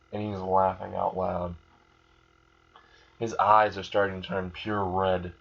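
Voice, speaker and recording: A man's voice: sits low, little pitch movement, slow pace, creaky, pauses often, a bit bright. A man casually retelling a fan story, rambling along with fillers and restarts. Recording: muffled lo-fi recording.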